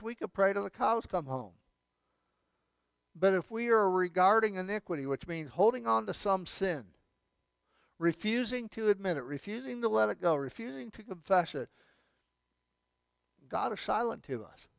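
A man's voice: high voice, vocal fry, clean tone, dry recording. A male pastor giving a sermon, emphatic, with repeated phrases and casual asides. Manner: emphatic preaching with repetition and asides.

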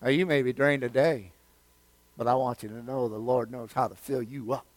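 A man preaching a sermon as pastor, who swings between loud, emphatic declarations and hushed near-whispers, repeating phrases and calling his listeners friend. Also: medium pitch, steady tone, normal speed, dry recording.

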